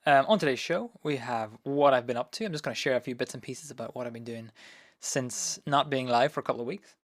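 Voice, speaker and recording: A man hosts a live stream from his home studio, talking loosely and filling the gaps with ums and uhs. His voice is of middling pitch and sounds a little hoarse, picked up close and dry. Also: fast, no echo. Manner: relaxed, rambling, many fillers. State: voice going hoarse. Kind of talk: casual live stream chat.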